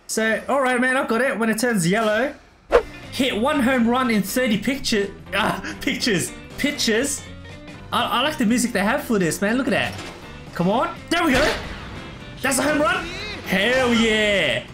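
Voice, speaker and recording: A man gives casual, excitable commentary while playing a video game. He laughs often and drops "bro" and "man" into nearly every line. Game music plays clearly behind his voice. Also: very high voice, a little slow. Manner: excitable, laughs a lot, says "bro" constantly. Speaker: gameplay streamer. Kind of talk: casual let's play commentary.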